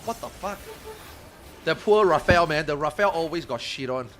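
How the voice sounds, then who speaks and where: A man streaming an online game in casual chat, excitable, swearing freely and repeating himself. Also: on the high side, brisk.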